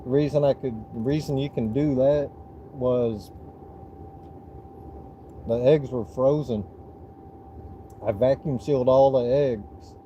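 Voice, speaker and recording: Slow-talking Southern man with a dark voice. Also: mid-range voice, lo-fi sound, slight background noise. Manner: relaxed, rambling explanations with restarts. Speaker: fishing livestream host. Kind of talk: casual livestream chat.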